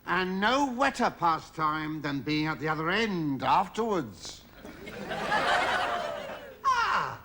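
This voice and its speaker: A man's voice: on the high side, huge pitch swings, a little slow, hardly any pauses, pushed and bright, full character voice. An actor playing a cheeky army batman full of innuendo, chatty and fawning toward his colonel. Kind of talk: British sitcom acting. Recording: noisy recording with hiss.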